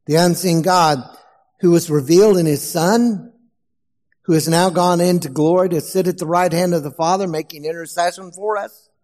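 A man preaching a sermon as pastor, slow and emphatic, asking the congregation questions. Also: high-pitched, fairly even intonation, darkish tone, in a large hall.

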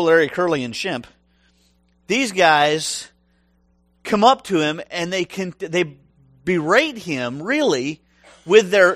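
A man preaching a sermon, animated and humorous, acting out voices from the stories he tells. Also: a little high, no room sound, studio quality. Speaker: pastor.

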